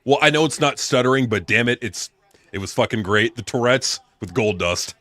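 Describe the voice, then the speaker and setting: A man's voice: medium pitch, animated, moderate pace, pushed and bright, dry recording. A man co-hosting a casual live reaction chat, cursing and egging his partner on. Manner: profane, egging on. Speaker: co-host.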